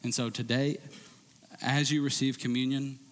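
A middle-aged man preaches to his congregation, his voice sitting in an ordinary register. He swings from loud, emphatic declarations down to hushed, intense lines. The sound carries the long reverb of a church sanctuary. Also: mid-range voice, level tone, moderate pace. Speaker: pastor. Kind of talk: sermon.

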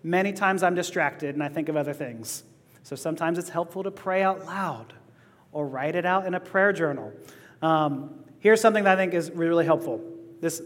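High-pitched guy preaching, earnest, gets passionate, big echoey hall. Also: fairly bright tone. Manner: earnest, rises to passionate emphasis. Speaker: pastor. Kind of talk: sermon.

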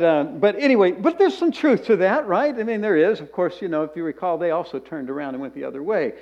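A man with a high voice preaches to his congregation. He talks casually, often repeats or restarts a phrase, and slips in jokes and asides. The sound is slightly dull and lo-fi. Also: darkish tone. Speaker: pastor. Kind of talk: sermon.

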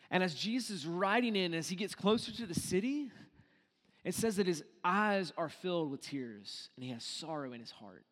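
A male pastor preaching a sermon in a lively, animated way, acting out quoted voices and swinging from loud to hushed. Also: sits high, in a large hall.

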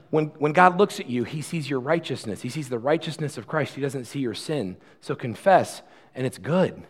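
A man's voice: fairly high pitch, darkish tone. A male pastor preaching a sermon about communion, earnest and conversational, often restarting his phrases.

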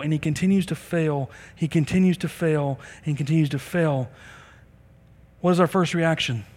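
A man's voice: fairly high pitch, darkish tone, long reverb tail. A middle-aged man preaching a sermon as a pastor, earnest and conversational, acting out bits of dialogue.

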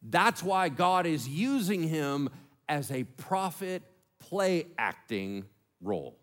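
A man's voice: on the high side, takes it slowly, soft background music. A man preaching a sermon as pastor, joking and acting out little voices as he teaches. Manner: animated, joking, acts out voices.

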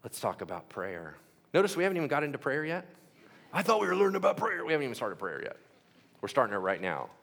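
Lively preacher man with sound effects. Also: a little high, quick pace. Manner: animated storytelling with sound effects and acted-out quotes. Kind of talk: sermon.

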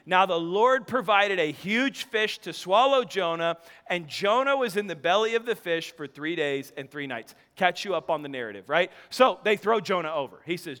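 A man in his thirties preaching a sermon, telling stories with quick laughing asides and restarts. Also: high-pitched, clean tone, long reverb tail. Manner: animated storytelling, self-interrupting, laughing asides. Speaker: pastor.

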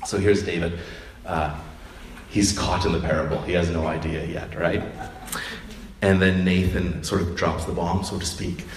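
A man's voice: low voice, normal speed, long pauses, a little hiss or hum. Man preaching in an echoey hall. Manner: conversational, animated storytelling with acted quotes. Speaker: pastor. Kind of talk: sermon. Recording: roomy hall, distant mic, faint ambience.

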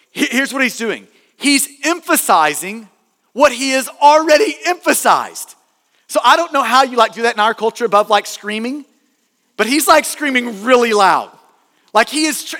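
High-voiced man preaching in a hall. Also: pushed and bright. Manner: earnest, emphatic, repeats words and restarts. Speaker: pastor. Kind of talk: sermon.

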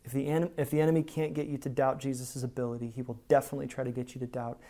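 A man's voice: medium pitch, flat delivery, very fast, dark tone. A man preaching a sermon as pastor, emphatic and conversational, with casual asides.

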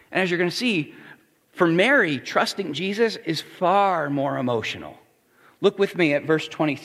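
High-voiced preacher in an echoing hall. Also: male voice. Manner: builds to forceful, near-shouting emphasis. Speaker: pastor. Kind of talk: sermon.

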